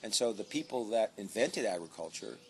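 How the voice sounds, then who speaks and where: Male author, heated sarcastic rant full of swearing, very animated pitch, faint ambience behind. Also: fairly quick, a little hiss or hum. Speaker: author commenting on his book. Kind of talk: profane comic rant.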